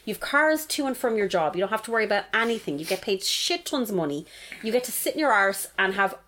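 Brief: woman podcast co-host, rapid and blunt, plenty of swearing. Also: medium pitch, big pitch swings, bright, forceful tone, a little hiss or hum. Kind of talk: casual banter.

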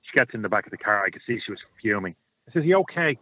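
A man's voice: lowish voice, very fast. A middle-aged man, telling blunt stories and opinions as a caller on a radio show. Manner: blunt, storytelling, repeats himself. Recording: tinny phone line.

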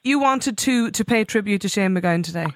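A woman's voice: mid-range voice, lively intonation, fairly quick, no echo, clean studio sound. A woman hosting a radio phone-in. She gives brief acknowledgements and reads out listener texts. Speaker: radio host. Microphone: studio mic.

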